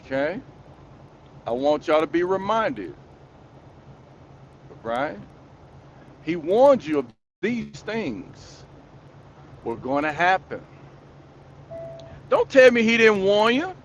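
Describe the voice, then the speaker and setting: A man rants at his listeners in a slow, drawn-out, preachy way. He scolds them and hammers his points home through repetition. A faint hum of noise sits under the recording. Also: sits high, big pitch swings, lo-fi sound. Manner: preachy, scolding, repetitive, addresses the audience directly. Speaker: commentary channel host. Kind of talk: ranting monologue commentary.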